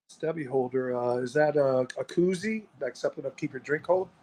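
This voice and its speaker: A man's voice: mid-range voice, a little fast, darkish tone, rough recording. Good-humored middle-aged man guessing. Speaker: interview guest, former wrestler. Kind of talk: casual interview.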